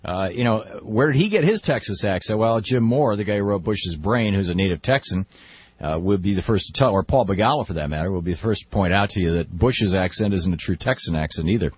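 A man hosting a political call-in radio show, opinionated and quick, often restarting his sentences. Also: on the low side, animated, husky, dry recording, highs cut off. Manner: opinionated, fast with frequent restarts. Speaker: radio talk show host.

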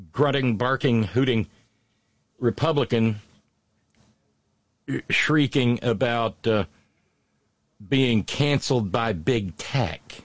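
A man giving casual, sarcastic news commentary, halting with many fillers and restarts. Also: medium pitch, no room sound. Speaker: political commentator.

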